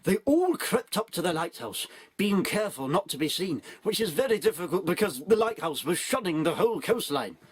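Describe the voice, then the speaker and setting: A man doing Count Arthur Strong, husky, forgetful. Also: sits high, sing-song, normal speed, no room sound, full character voice. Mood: muddled, tetchy. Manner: bumbling, forgetful, constant malapropisms and self-corrections; easily irritated, grumbling asides. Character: muddled pompous elderly male showbiz has-been reading his own storybook. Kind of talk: comic character reading of a parody children's story.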